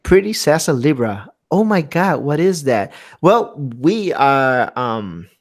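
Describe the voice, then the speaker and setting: A man's voice: a little high, big pitch swings, takes it slowly. A man hosting a casual live stream, reading viewer comments aloud and laughing often. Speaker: host of a live art hangout.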